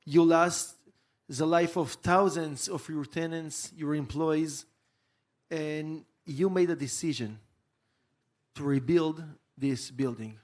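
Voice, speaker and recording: Guy interviewing someone at a conference, slow earnest delivery, higher-ish voice. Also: a little mellow. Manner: earnest, builds up a long question.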